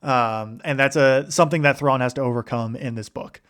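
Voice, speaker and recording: A man's voice: mid-range voice, steady tone, brisk, a bit bright, clean tone. A man hosting a podcast, rambling casually about books he listened to, with lots of restarts. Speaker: podcast host.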